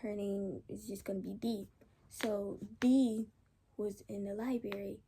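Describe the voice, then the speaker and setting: A woman's voice: mid-range voice, measured pace, a little hiss or hum. A young woman casually telling a storytime, rambling along with slang and lots of restarts. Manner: rambling, animated retelling with slang.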